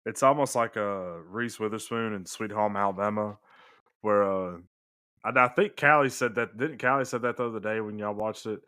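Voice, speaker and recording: A man's voice: fairly low pitch, normal speed, pushed and bright, smooth. A man co-hosting a casual movie podcast, often stammering and restarting as he talks. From American South. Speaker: podcast co-host.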